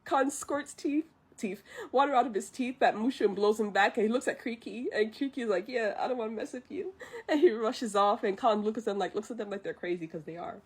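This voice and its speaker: A woman streamer reciting a film from memory, animated, laughing, pausing to recall. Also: medium pitch, breathy edge. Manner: animated, laughing, stops to remember.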